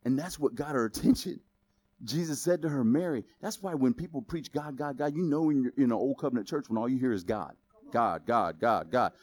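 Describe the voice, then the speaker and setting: A man preaching a sermon as pastor, in a casual, conversational way that builds up to loud exclamations. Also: medium pitch, fast, husky, no echo.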